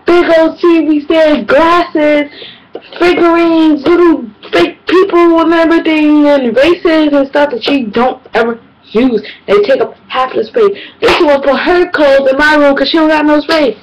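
Animated young New woman, slightly high. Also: poor audio. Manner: animated, exasperated, slangy storytelling. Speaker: vlogger. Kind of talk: casual comedic vlog monologue.

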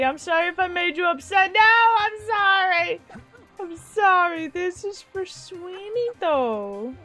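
A woman's voice: high-pitched, a bit bright. A young woman giving casual let's-play commentary as a gaming host, gushing and giggling, cooing to her virtual pets. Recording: faint game music behind.

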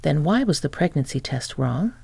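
A man's voice: fairly high pitch, sing-song, normal speed, vocal fry, a little mellow, slightly rough, no echo, full character voice. A reader voicing a flustered, angry man caught out by his ex-wife, talking defensively and blustering. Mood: pleading. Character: angry, flustered male ex-husband.

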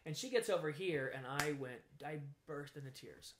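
A man's voice: on the high side, moderate pace, background noise. A man in an interview, candidly telling a personal story and acting out what people said. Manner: animated, acts out quoted voices, frank. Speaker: guest sharing his story.

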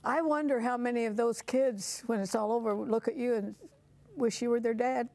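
An older woman hosting a talk show, speaking haltingly with many restarts and quick affirmations. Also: on the high side, steady tone, darkish tone. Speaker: TV show host.

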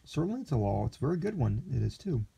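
Greedy patronizing city lawyer read by a man, dark gravelly voice, husky. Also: mid-range voice, big pitch swings, quick pace, exaggerated voice. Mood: scheming. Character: greedy smooth-talking male city lawyer.

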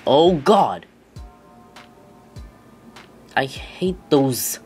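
A man doing let's play commentary, reacting loudly with yelps and groans whenever the game catches him out. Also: mid-range voice. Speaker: gamer.

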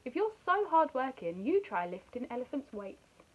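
A woman voicing a sleepy, lazy male sloth in a children's storybook, speaking slowly. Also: sits high, sing-song, breathy edge, phone-quality sound, exaggerated voice. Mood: calm.

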